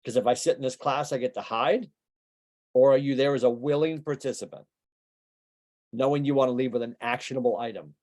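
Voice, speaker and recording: Mellow-voiced male business coach. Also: mid-range voice. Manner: conversational, rapid-fire rhetorical questions. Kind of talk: motivational training talk.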